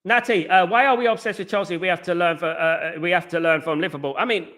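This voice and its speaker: A man on a live fan stream, sounding off about his club and reading out viewers' comments. His voice is bright and forceful and sits a little high for a man. He rants with strong opinions and circles back to repeat his points. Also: fairly even intonation, quick pace. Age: adult. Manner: ranting, repeats himself, opinionated. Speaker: football fan channel host.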